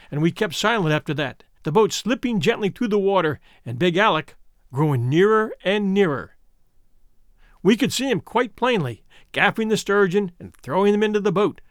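A male narrator tells a first-person adventure tale in a high, animated voice. The recording is dry and close, with no room sound at all. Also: no room sound. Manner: expressive reading with lively pitch. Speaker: audiobook narrator.

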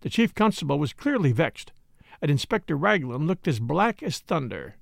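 A man reading a classic mystery novel aloud in measured, scripted narration. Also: a little high, very animated, gravelly, no echo, clean studio sound. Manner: measured storytelling. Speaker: audiobook narrator.

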